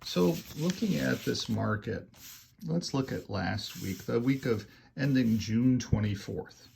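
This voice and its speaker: Gravelly, emphatic man talking real estate. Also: mid-range voice, a little hiss or hum. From Canada. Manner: emphatic, repeats figures, gets louder and faster when making a point. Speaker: real estate agent giving a market update. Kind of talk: casual video market update.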